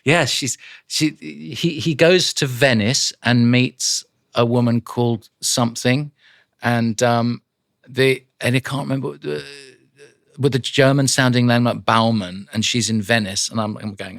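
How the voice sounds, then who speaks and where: A voice actor and audiobook narrator chatting in a studio, telling animated anecdotes, laughing often and dropping into character accents. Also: male voice, mid-range voice, unhurried, vocal fry, dry recording. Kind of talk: casual studio chat.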